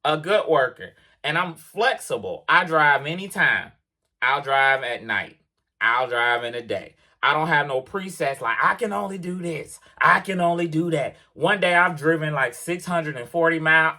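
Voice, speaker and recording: A truck driver vlogger with a slightly high voice tells a casual, emphatic story about leaving his job at a moderate pace. Animated, he quotes conversations in voices as he goes, recorded on an action camera's mic.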